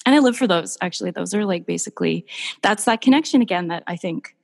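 A woman's voice: mid-range voice, animated, quick pace, gravelly. Woman, artist guest, gushing storyteller, casual chat, reverberant sound.

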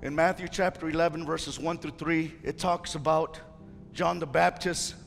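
A male pastor preaching a fiery sermon to his church, whose impassioned delivery rises to shouts. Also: on the high side, steady tone, moderate pace, creaky. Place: church sanctuary. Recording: reverberant church hall with faint music.

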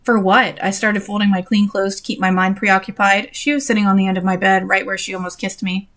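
A woman's voice: mid-range voice, little pitch movement, quick pace, a bit bright. A young woman reading a story aloud and breaking off for sarcastic, exasperated comments on it. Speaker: reader and commentator.

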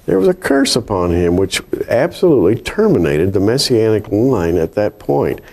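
A man co-hosting a Bible study conversation, measured in tone and reading scripture with emphasis. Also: lowish voice, very animated, a little mellow. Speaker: Bible prophecy show co-host.

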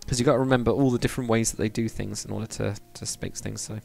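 A man's voice: on the low side, steady tone, quick pace, creaky, darkish tone, faint music behind. A man chatting casually and rambling to viewers on a live stream, with many fillers. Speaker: live streamer, game builder.

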